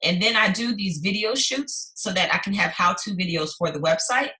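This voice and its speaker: Bright, driven woman guest. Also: mid-range voice, moderate pace. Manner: animated, driven, talks in long lists. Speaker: podcast guest. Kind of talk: casual chat.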